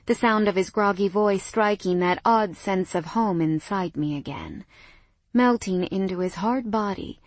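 A young adult woman narrating a first-person romance audiobook in a soft, intimate voice that often drops to a whisper. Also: medium pitch, a little slow, dry recording.

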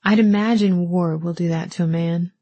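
Woman voicing a direct young man, curious, gentle, audiobook, husky, dry sound. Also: lowish voice, steady tone, normal speed, no echo, natural voice. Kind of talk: audiobook reading.

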